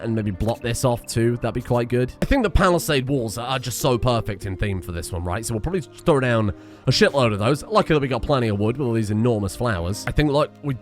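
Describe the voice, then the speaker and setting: A man giving chatty, excitable commentary while playing a game, swearing often. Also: mid-range voice. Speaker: gaming streamer. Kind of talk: casual gameplay commentary.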